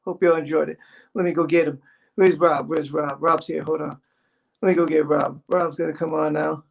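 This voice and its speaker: A woman's voice: sits low, little pitch movement, a little fast, gravelly. A woman co-hosting a casual livestream, playful and repeating herself often. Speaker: livestream co-host.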